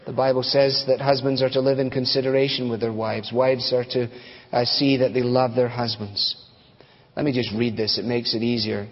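A man's voice: medium pitch, little pitch movement, normal speed. A man preaching in a chatty, folksy way, winding through stories with fillers and asides. His voice sits in the middle range. A long reverb hangs over it, and the recording sounds dull and a bit lo-fi. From United States. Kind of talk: sermon with storytelling.

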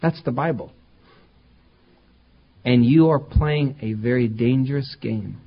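Husky-voiced man preaching a sermon. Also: medium pitch, slow pace, muffled recording. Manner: conversational preaching that rises to emphatic peaks. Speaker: pastor.

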